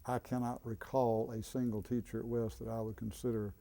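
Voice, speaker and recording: An older man in an interview, recalling his school teachers in a halting way, with many fillers. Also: mid-range voice, level tone, creaky, dark tone. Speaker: interviewee, former student. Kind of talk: reminiscing interview.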